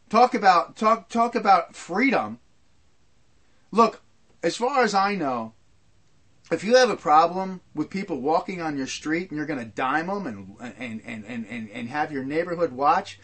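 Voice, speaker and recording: A man with a high voice delivers a heated rant straight to the listener. He stumbles, restarts and repeats words as his frustration builds, then pushes on with his complaint. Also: expressive, normal speed, fairly bright tone, breathy edge. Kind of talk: ranting monologue.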